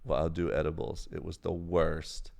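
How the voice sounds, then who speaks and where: A man's voice: extremely low pitch, level tone, normal speed, vocal fry, darkish tone. Profane young man telling a stream story. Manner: rambling, profane, acts out quotes in a raised voice. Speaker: live streamer. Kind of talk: casual storytelling on a live stream.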